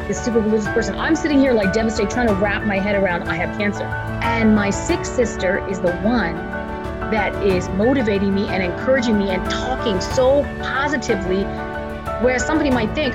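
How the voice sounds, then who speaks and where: A woman with a fairly high, animated voice at normal speed tells a personal story as an interview guest, over loud background music. She speaks earnestly and voices her relatives' words along the way.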